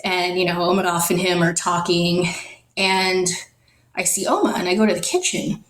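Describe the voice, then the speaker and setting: Animated woman telling a personal story. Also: lowish voice, moderate pace. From Netherlands. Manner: animated, acts out dialogue in quotes. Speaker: podcast guest. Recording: roomy echo, faint music.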